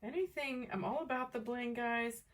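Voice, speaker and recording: A woman hosting a live crafting demo from home, chatting with viewers by name in an excitable, chatty way. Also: on the high side, moderate pace, distant mic. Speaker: crafting livestream host. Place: home craft table, camera on tripod.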